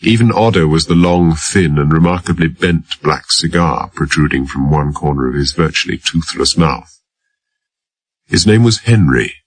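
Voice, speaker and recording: Male audiobook reader, extremely deep and husky, dry close sound, measured delivery. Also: lively intonation, no room sound. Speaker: audiobook narrator. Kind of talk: scripted narration.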